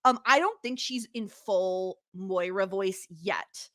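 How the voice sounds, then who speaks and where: A woman's voice: medium pitch, slow pace, sharp tone, dry recording, clean studio sound. A woman co-hosting a podcast in casual chat, talking loosely with many fillers and easy laughter. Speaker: podcast co-host.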